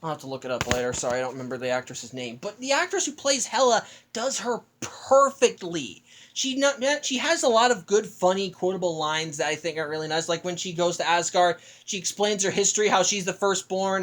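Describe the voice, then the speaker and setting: A woman's voice: on the low side, fairly quick. Woman gushing about a movie, rambly, lots of restarts, casual review. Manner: rambling, enthusiastic, many restarts. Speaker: film reviewer. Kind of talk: casual film review monologue.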